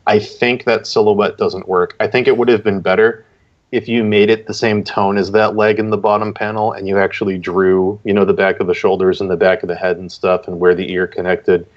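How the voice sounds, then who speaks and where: A man's voice: lowish voice, level tone, a little fast, lo-fi sound. A man as a guest judge giving casual art critiques on a live stream, piling on emphatic praise with repeated "really, really.".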